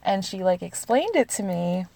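Sing-song yet gravelly and mellow, the mid-range voice of this American woman in her thirties moves at a moderate pace with no echo. She answers questions through chatty, confessional personal stories, laughing frequently and saying "like" a lot.

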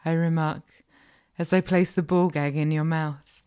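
A woman's voice: deep voice, steady tone, slow pace, warm tone. A woman narrating a second-person erotic audio role-play in a teasing, commanding manner, sometimes dropping to a whisper.

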